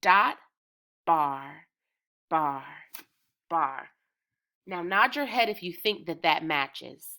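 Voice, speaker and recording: A woman teaching preschoolers in a slow, sing-song way, chanting patterns and cheering them on. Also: on the low side, animated, pushed and bright. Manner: encouraging, drawn-out, rhythmic chanting. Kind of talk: slow, sing-song lesson for small children.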